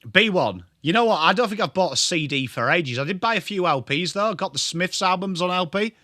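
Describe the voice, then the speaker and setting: Lively English man hosting a footy watchalong. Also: high voice, fairly quick, no echo, studio quality. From England. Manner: chatty, greets viewers, lively. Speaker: livestream host. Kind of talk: live football watchalong commentary.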